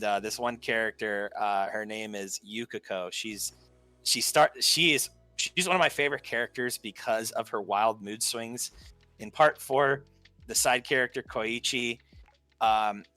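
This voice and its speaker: A man telling anime stories on a podcast, with a bright, edgy voice and an animated, playful delivery. He acts out the characters' lines as he goes. Faint music plays underneath. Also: fairly low pitch, no echo. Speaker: podcast co-host. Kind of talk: casual chat.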